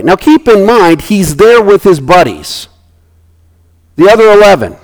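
A man delivers a sermon in an animated preaching style. His voice sits a little higher than most men's, and it jumps sharply whenever he acts out the people in the passage. He often repeats and restarts phrases as he goes. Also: unhurried, vocal fry. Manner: animated preaching, voices characters with big swings in pitch. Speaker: pastor.

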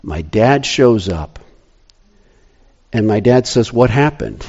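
A man telling a personal story in a sermon, animated, rising to excitement and dropping to hushed tones. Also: fairly low pitch, slow, husky, muffled recording.

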